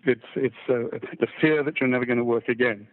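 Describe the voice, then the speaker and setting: Older baritone man on a tinny line. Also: fairly even intonation, fairly quick. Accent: mixed British-American. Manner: chatty, self-deprecating, frequent stammering restarts. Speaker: audiobook narrator guest. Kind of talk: casual interview chat.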